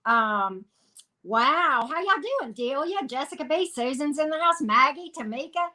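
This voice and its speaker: Southern woman, live-stream tarot host, high and sharp, upbeat greeter. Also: animated, unhurried. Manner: greets viewers by name, upbeat and chatty.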